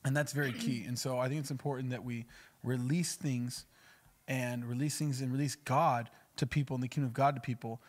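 A man's voice: medium pitch, steady tone, fairly quick. Emphatic male pastor. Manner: emphatic, acts out spoken prayers. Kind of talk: conversational podcast teaching.

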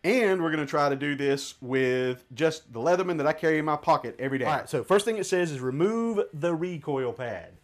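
A man's voice: on the high side, lively intonation, brisk, hardly any pauses. A man reviewing gear in a casual hands-on demonstration, chatting and thinking aloud as he handles each part.

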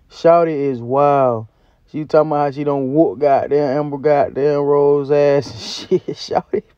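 Man vlogger, high voice, slangy cursing rant, lo-fi dry audio. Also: darkish tone, dry recording. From Southern United States. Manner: loose, profane, rambling street slang. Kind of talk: casual food review vlog. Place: outdoors by a back door.

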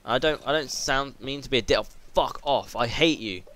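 Speaking at normal speed in a mid-range, fairly bright voice with no room sound, a teenage gaming video host narrates his let's play. He swears a lot, rambles, and yelps whenever something startles him.

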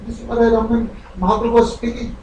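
A man delivers a devotional sermon in a fairly high voice, earnest and rhetorical, slipping into little acted-out dialogues. He sits well back from the mic, so the live recording sounds roomy and echoey. A faint hum of ambience stays underneath. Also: flat delivery, fast talker, a little mellow, far from the mic, lo-fi sound. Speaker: spiritual teacher.

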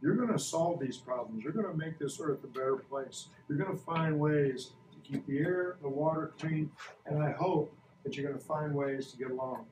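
Brief: sixties male teacher, playful quizzer, fairly high voice, echoey classroom mic from a distance. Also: normal speed, noisy background. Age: 60s. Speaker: science teacher. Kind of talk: classroom lesson. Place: school classroom.

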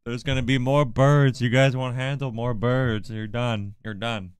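Joking male streamer with a smooth, resonant voice and a dry, close sound. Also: mid-range voice, fairly even intonation, a little slow, no echo. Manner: joking, teasing banter. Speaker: livestreamer. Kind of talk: casual livestream chat.

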